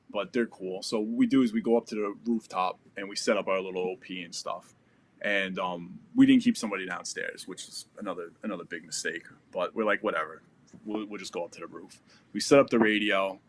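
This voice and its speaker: American man recounting combat, animated. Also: lowish voice, slight background noise. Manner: animated storytelling with sound effects. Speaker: podcast guest. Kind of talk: casual war story.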